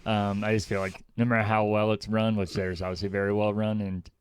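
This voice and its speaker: A man's voice: fairly low pitch, flat delivery, a little fast, clean tone, dry recording. A man co-hosting a casual podcast, talking in an easygoing way and steering the conversation to new topics. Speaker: podcast co-host. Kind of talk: casual chat. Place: remote recording, like a video call.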